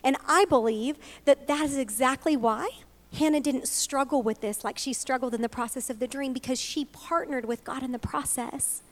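High-voiced, earnest woman preaching. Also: moderate pace. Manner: earnest, emotional, tearful at times. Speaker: women's ministry speaker. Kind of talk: sermon to a women's gathering.

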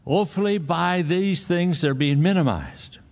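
A man's voice: a little high, a little slow, creaky, a little mellow. A male pastor preaching a sermon, telling a folksy personal story and then pressing his point with emphatic exhortation.

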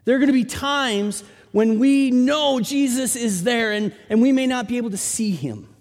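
A man preaching a sermon with animated storytelling, his voice rising into shouts when he acts out the people in the story. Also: very high voice, normal speed. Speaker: pastor. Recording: long hall reverb.

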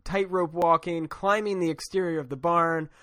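Male podcast co-host, somewhat high-pitched, relaxed storyteller who chuckles as he retells the plot. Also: normal speed, no room sound, clean studio sound. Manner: chatty, laughs often, acts out quotes loosely. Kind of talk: casual chat recapping a comic story.

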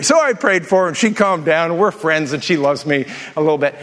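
A man's voice: fairly high pitch, animated, fairly bright tone. Male pastor, upper register, joking sermon delivery, long church-hall reverb. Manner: jokey storytelling, quick asides and self-repeats.

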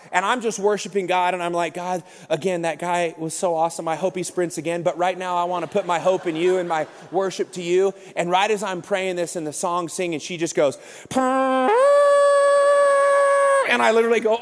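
A man preaching a sermon as comic storytelling, animated and breaking into shouted bursts. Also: sits high, a little fast, few pauses. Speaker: pastor. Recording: long hall reverb.

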